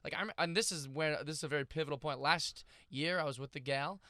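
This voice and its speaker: A man's voice: on the high side, a little fast, dry recording, clean studio sound. A man in his thirties, a guest comedian, telling stories in casual chat with lots of "like". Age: 30s. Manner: animated storyteller, lots of "like".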